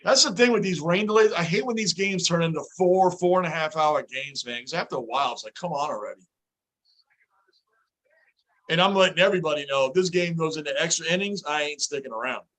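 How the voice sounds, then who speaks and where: A man hosting a live baseball watch-along chat. He talks in an animated way and yells when big plays happen. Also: fairly high pitch, fast, few pauses. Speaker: host.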